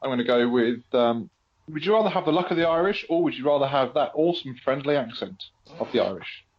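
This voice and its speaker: A man's voice: mid-range voice, animated, fast, muffled recording. A man co-hosting a podcast, dropping dry teasing quips in casual chat. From England. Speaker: podcast co-host.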